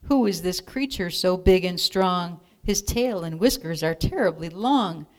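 A woman's voice: on the low side, expressive, measured pace. A woman reading aloud and voicing a bold young female monster child in a storybook, eager and wondering. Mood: awed.

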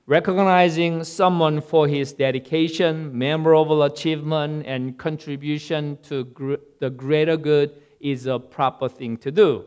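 A male pastor giving a sermon and church announcements, speaking haltingly with many fillers. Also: on the high side, fairly even intonation, darkish tone, smooth.

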